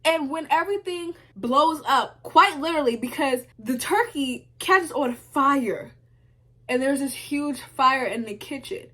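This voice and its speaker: A young woman recapping a TV show in casual commentary, sassy and animated, talking back to the characters. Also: sits high, a little slow. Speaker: video essay host.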